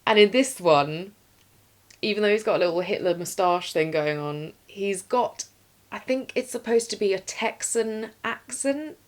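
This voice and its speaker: A woman's voice: mid-range voice, a little slow. A woman co-hosting a casual film review, chatty and picking apart details, laughing often. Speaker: podcast co-host reviewing films.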